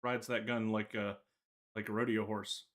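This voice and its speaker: A man's voice: lowish voice, little pitch movement, moderate pace. A man co-hosting a podcast in casual chat, joking and telling anecdotes. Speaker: podcast co-host.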